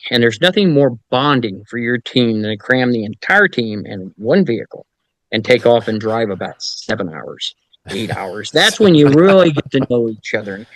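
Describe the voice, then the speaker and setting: A man's voice: mid-range voice, fairly bright tone, dry recording, poor audio. Dry-voiced middle-aged man telling stories. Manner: wry anecdotes with mild profanity. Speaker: paranormal investigator, podcast guest. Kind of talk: casual storytelling.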